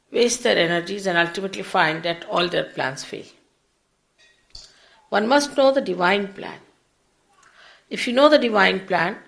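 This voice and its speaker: Older woman with a gravelly voice. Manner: unhurried, explanatory, big swings in pitch and loudness. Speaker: spiritual teacher. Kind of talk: public spiritual lecture. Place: public program before an audience.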